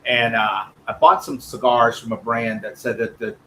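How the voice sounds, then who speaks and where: A man as an interview guest, telling animated anecdotes in casual chat. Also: medium pitch, moderate pace, vocal fry, a little hiss or hum, rough recording. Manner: animated anecdotes with quoted voices. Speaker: guest, cigar company owner.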